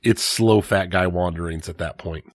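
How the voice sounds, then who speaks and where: A man's voice: sits low, normal speed, no room sound, clean studio sound. A man co-hosting a podcast in casual chat, wry and joking. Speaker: podcast co-host.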